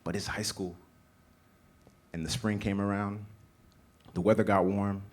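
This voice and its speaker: A man's voice: fairly low pitch, flat delivery, a little slow, darkish tone. A young man telling a personal story on a small theater stage, with an earnest, rhythmic delivery. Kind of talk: live storytelling.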